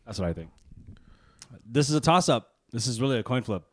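A man co-hosting a casual sports podcast, joking and talking trash in quick banter. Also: medium pitch, very animated. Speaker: podcast co-host. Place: studio room.

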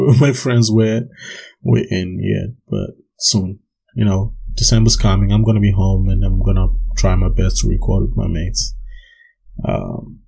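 Young man, low husky voice, rambling solo podcast rant with lots of cursing. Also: a little mellow, poor audio. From South Africa. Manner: swearing, laughing, rambling with many restarts. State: drinking gin while talking. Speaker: podcast host.

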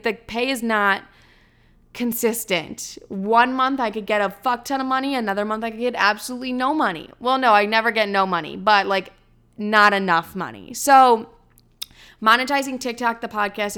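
A woman's voice: medium pitch, fairly bright tone, smooth. A woman in her early twenties hosting a casual solo podcast, chatty and blunt, swearing freely and filling her talk with "like". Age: 20s. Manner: chatty, blunt and profane, heavy filler "like". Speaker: podcast host.

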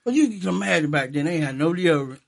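A man's voice: a little high, lively intonation, quick pace, creaky. A man chatting casually with friends, laughing often and trading movie quotes. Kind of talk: casual chat quoting movie lines.

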